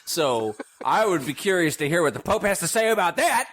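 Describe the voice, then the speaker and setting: A man's voice: high-pitched, very animated, a little fast, fairly bright tone. A man co-hosting a casual podcast chat, trading jokes and wry asides. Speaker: podcast co-host.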